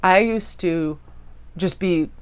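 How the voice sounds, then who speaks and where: A woman's voice: fairly low pitch, slow, smooth. A woman tarot reader chatting casually as she shows a tarot deck, gushing and rambling.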